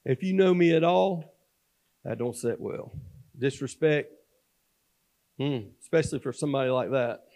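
Speaking from a church platform in the sanctuary, a male guest speaker shares a sermon testimony in a mid-pitched voice at normal speed with long pauses. His folksy delivery swings between loud, emphatic preaching and quiet, confiding asides.

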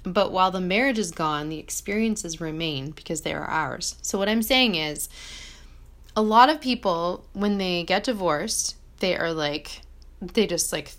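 In a small apartment, a woman vlogs with a fairly low, fairly bright voice, speaking a little slowly. The talk is a casual, reflective ramble, heavy on "like," with frequent self-corrections along the way.

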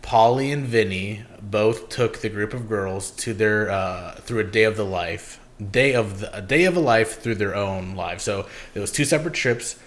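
A man's voice: lowish voice, moderate pace, few pauses. A young man hosting a podcast, chatting loosely and rambling, swearing often. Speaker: podcast host. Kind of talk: casual chat.

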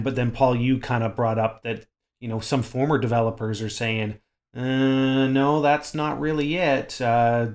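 A man chatting on a gaming podcast in an easy, rambling way. He pads his thoughts with fillers and restarts. His voice sits at a middling pitch. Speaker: podcast co-host. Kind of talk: casual gaming chat.

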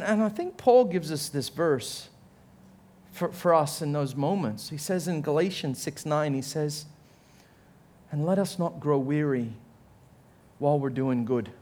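A man's voice: on the high side, a little slow, long pauses. A man with an Australian accent preaching a sermon as a pastor, telling funny family stories and acting out voices as he goes. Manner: animated storytelling, acts out quotes in a raised voice; self-mocking humor, laughs while telling stories.

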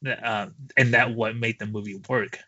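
A man's voice: medium pitch, fairly even intonation, normal speed, pushed and bright, dry recording, dull audio. A man co-hosting a podcast, mostly chiming in with short reactions and musing replies in casual chat. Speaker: podcast co-host.

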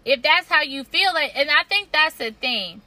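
Animated, bright-voiced woman chatting. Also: sits high, normal speed, dry recording. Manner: teasing, blunt, animated. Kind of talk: casual chat.

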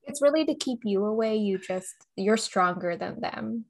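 A young woman co-hosting a podcast in casual chat, reacting often with "oh my God" and quick laughter. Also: mid-range voice, expressive, noisy background. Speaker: podcast co-host.

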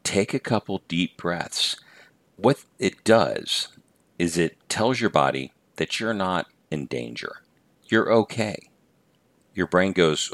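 A man's voice: rumbling low, animated, takes it slowly, a bit bright, no echo. A middle-aged man hosting a podcast, giving an earnest talk on patience in numbered points. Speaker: podcast host and teacher-coach.

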